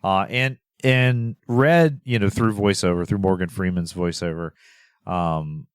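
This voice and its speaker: A man co-hosting a podcast talks through a film's plot in a relaxed, rambling way, dotting his speech with "uh" and "um." His voice sits on the low side. The close microphone sounds dry, with no room echo. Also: unhurried, smooth. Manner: rambling with many fillers and laughs. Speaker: podcast co-host. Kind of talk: casual film recap chat.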